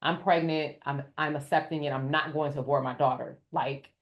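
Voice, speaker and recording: A woman who is a podcast guest, telling her story in an animated way and raising her voice to act out what others said. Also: low-pitched, a little fast, muffled recording. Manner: addresses listeners as "y'all". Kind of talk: storytelling in an interview.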